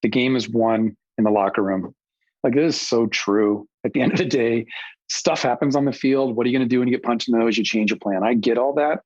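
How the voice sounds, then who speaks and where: A man's voice: mid-range voice, a little fast, darkish tone, no room sound. A man who is a company CEO, speaking as a podcast guest in an emphatic, motivational way. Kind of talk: conversational interview. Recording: dull, slightly lo-fi audio.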